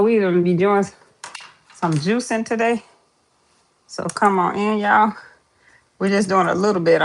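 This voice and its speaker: A woman's voice: fairly low pitch, creaky, a little hiss or hum. A woman hosting a casual live stream, chatty and greeting viewers over and over. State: out of breath.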